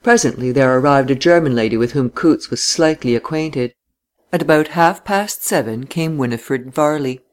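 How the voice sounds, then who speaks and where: A narrator reads a classic novel aloud at an even, measured pace. The voice sits at a middle pitch.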